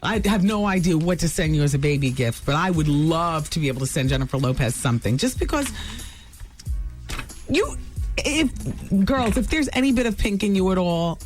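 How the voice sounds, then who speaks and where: A woman's voice: fairly low pitch, expressive, moderate pace, soft background music. A woman radio host chatting casually through celebrity gossip, full of asides and self-corrections, in a studio.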